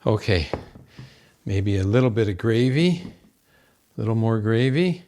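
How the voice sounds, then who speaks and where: Slow, low-voiced man hosting a cooking show. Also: expressive, dark tone. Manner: gushing, exclaims over the food, talks to viewers as folks. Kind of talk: home cooking demonstration. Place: home kitchen.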